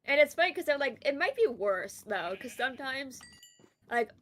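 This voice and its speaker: A woman's voice: sits high, big pitch swings, normal speed, fairly bright tone, slight background noise. A young woman from Canada telling a long rambling story in casual chat while gaming, full of fillers. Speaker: streamer.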